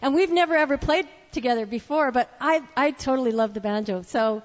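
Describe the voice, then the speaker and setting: High-voiced woman hosting a songwriters' stage. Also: brisk, long reverb tail. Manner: chatty, warm-hearted stage patter with restarts. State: tearing up. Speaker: singer-songwriter and host. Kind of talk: live singing and stage banter. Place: small live music venue. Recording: dull lo-fi live recording with guitar. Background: acoustic guitar.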